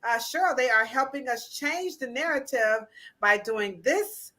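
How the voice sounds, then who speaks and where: A woman's voice: high-pitched, animated, measured pace, very noisy. A woman hosting a casual livestream chat, playful and teasing, with slangy mock-scolding asides. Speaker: livestream host.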